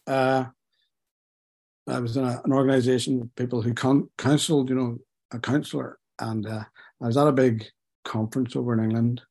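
A man recounts his own life in a personal testimony. His voice is warm and mellow, pitched in an ordinary middle range, and his speech moves in halting stretches, pausing and restarting as he reflects.

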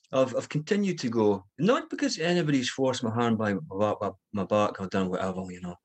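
Middle-aged man, husky voice, candid rambling recovery share, lots of ums and restarts. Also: mid-range voice. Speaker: recovery meeting speaker.

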